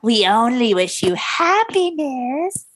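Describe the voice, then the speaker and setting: A woman voicing an eerie, soft-spoken male alien visitor in a strained, gravelly put-on voice, drawing out her words slowly. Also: sits high, sing-song, no echo, voice pushed up, exaggerated voice. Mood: eerie calm. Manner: slow, drawn-out delivery.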